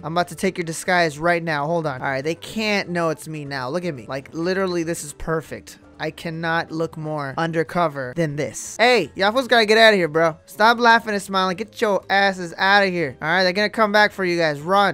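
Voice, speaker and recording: Excitable young man narrating gameplay. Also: a little high. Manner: excitable, trash-talking, casual slang. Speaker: gaming YouTuber. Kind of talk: gameplay commentary.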